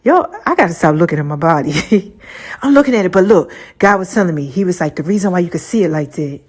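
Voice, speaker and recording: A woman hosting her own podcast, talking casually and chattily with slang, swinging between loud laughing bursts and low murmurs. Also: animated, fast talker, breathy edge. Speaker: podcast host. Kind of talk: casual rambling monologue. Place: room with lights and a mirror.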